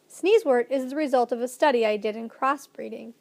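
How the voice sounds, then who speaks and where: A woman's voice: fairly high pitch, fairly quick, creaky, darkish tone. Woman reading as a kindly old professor. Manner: emphatic, cheerfully lecturing. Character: kindly old male professor, proud and enthusiastic. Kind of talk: storybook reading.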